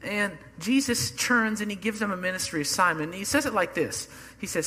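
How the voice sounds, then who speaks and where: A man's voice: high voice, animated, fairly quick, hardly any pauses, pushed and bright, slight background noise. A man preaching a sermon as pastor, earnest and building emphasis through repetition. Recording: long hall reverb.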